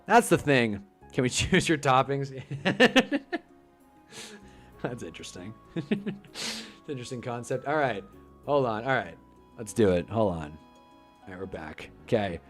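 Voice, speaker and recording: Young guy on a live stream, venting and swearing, voice spikes up loud, faint music behind. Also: mid-range voice, sing-song, normal speed. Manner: frustrated, swearing, swings into loud outbursts. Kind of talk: casual live-stream rant.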